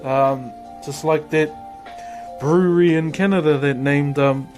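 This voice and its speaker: A man with a New Zealand accent, a streamer casually chatting with viewers while woodcarving, laid-back and quick to laugh. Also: a little high, steady tone, a little mellow, faint music behind. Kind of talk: casual livestream chat answering viewers.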